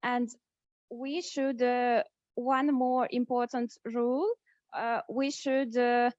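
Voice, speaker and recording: Halting high-voiced woman chairing a contest. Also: little pitch movement, darkish tone, dry recording. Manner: halting, many fillers and restarts. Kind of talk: hesitant meeting chairing. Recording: dull lo-fi sound.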